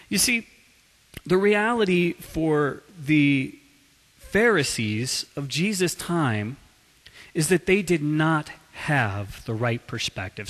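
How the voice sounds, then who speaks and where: A male pastor delivers a sermon as an animated storyteller. His voice sits high and swings widely in pitch. The sound carries a long reverb from a large hall.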